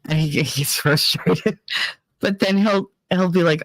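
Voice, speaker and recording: A man's voice: high voice, steady tone, measured pace, a bit bright, no echo. A man hosting a casual livestream, talking bluntly and with frequent swearing as he reads the chat. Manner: blunt, profane, emotionally candid. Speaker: livestream host reading chat.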